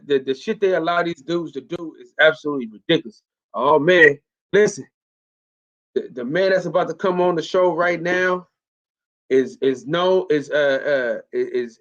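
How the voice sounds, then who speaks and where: A man hosting a live stream in casual chat, loose and profane, repeating himself often. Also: on the high side. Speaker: host. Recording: muffled lo-fi stream audio.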